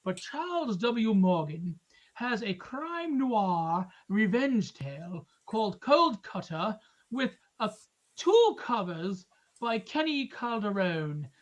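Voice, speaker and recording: A man's voice: high voice, big pitch swings, slow pace. A man hosting a live drawing stream, chatting casually and rambling through jokes and plugs. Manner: joking, rambling, teasing.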